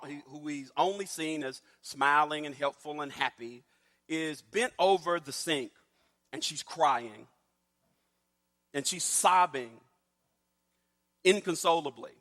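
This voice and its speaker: A man telling a story in a talk, animated and acting out the voices of the people he quotes, with long reverb around him. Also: fairly high pitch, unhurried, long pauses. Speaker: speaker.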